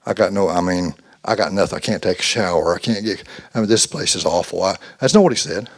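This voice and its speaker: A man's voice: low-pitched, fast. A man giving a folksy, conversational youth sermon, acting out quotes as he goes. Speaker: youth pastor.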